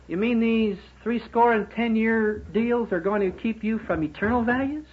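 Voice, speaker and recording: A man preaching a sermon to businessmen, emphatic, with rhetorical questions and sudden swings between loud and quiet. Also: high-pitched, moderate pace, few pauses, slight background noise. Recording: dull lo-fi sermon recording.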